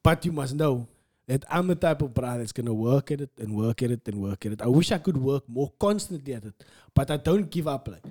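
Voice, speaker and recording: A man's voice: mid-range voice, animated, fairly quick, darkish tone. A man who does stand-up comedy, talking earnestly in a casual podcast chat, repeating words and calling his friend bro.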